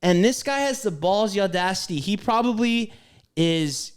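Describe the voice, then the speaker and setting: Animated, swearing man telling a story. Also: sits high, moderate pace, clean tone. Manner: animated, profane, lots of fillers. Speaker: podcast co-host. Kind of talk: casual storytelling chat.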